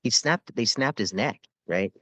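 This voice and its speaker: A man's voice: medium pitch, expressive, a little slow, fairly bright tone, no room sound. A man, a former Navy corpsman, telling rambling war stories with lots of swearing and fillers in a casual podcast interview.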